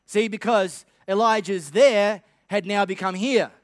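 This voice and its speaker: A man's voice: sits high, a little slow, dry recording, clean studio sound. A man preaching a sermon, retelling the story with a humorous, playful storytelling manner.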